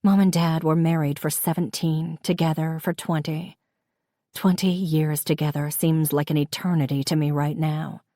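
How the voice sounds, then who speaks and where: A woman narrates a first-person novel in a calm, reflective way. Her voice is low and mellow. The recording is close and dry. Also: moderate pace, dry recording. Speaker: audiobook narrator.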